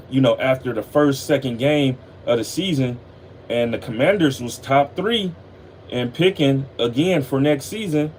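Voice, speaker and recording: Casual football talk host, male, relaxed and weary, plain mid-pitched voice, faint hum behind. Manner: laid-back, tired, loose and profane. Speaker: sports podcast host.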